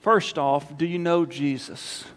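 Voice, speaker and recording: Pastor, male, high voice, emphatic sermon delivery, long church-hall reverb. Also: steady tone, slow. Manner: emphatic, rising to loud calls then dropping soft for prayer. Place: church sanctuary.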